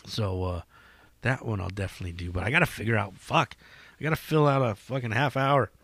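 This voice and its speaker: A man's voice: lowish voice, fairly quick, a bit bright, husky, no echo. A man, a stand-up comic hosting a podcast, telling rambling stories in casual chat, swearing freely and laughing at his own jokes. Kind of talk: casual storytelling monologue.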